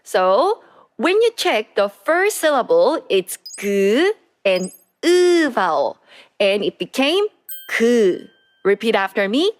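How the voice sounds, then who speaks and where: A woman teaching a Korean language lesson, speaking clearly and slowly with repeated pronunciation drills. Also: fairly high pitch, big pitch swings.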